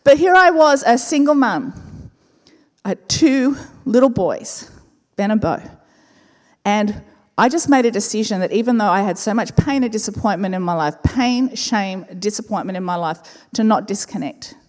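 A woman, a pastor telling a personal story in a sermon, expressive and slowing down to repeat key words. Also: mid-range voice. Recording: reverberant church hall with faint music.

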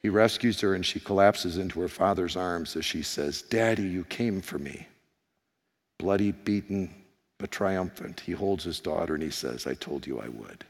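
A man preaching a sermon as pastor, hoarse, animated and firing questions at his congregation. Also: lowish voice. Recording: long reverb of a large hall.

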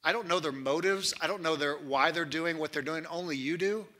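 A man in his thirties delivering a sermon with a very bright, slightly high voice. He preaches in a chatty, conversational way, checking in with "right?" and swinging between lifted emphasis and hushed, lowered lines. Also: a little fast. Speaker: pastor.

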